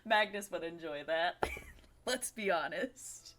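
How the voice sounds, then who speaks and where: Bright, lively woman playing a tabletop game. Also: lowish voice, takes it slowly. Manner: laughing, swearing, playful. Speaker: player. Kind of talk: casual tabletop game chat.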